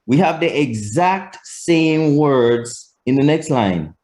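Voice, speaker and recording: A man teaching a language lesson, explaining slowly and deliberately, swinging his pitch to demonstrate. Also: animated, darkish tone.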